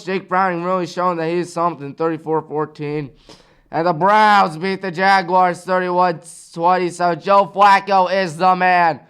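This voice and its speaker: A man hosting a sports talk show, giving a casual recap of scores and his picks in an excitable way, full of rhetorical questions and exclamations. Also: sits high, smooth.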